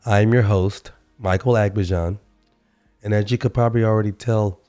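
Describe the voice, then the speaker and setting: A man with a low, dark and slightly hoarse voice hosts a solo podcast. He talks casually and loosely, with plenty of fillers and restarts. His tone stays mellow and easygoing. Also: moderate pace, faint music behind. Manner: relaxed, chatty, many fillers and restarts. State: hoarse, recovering from a sore throat. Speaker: podcast host.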